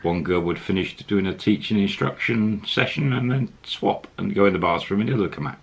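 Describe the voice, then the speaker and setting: A man's voice: deep voice, a little fast, creaky, slightly rough. A man telling a story casually, rambling with fillers.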